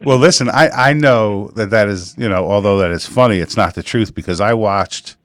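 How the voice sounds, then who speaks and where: A man in his forties hosting a radio comedy interview show, talking casually in a flat, monotone way. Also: lowish voice, moderate pace, no echo, studio quality. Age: 40s.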